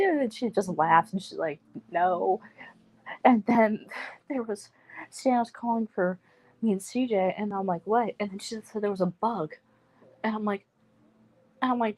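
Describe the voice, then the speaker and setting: A woman's voice: on the high side, darkish tone, poor audio. A young woman chatting casually on a livestream, rambling through stories with restarts. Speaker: livestream guest.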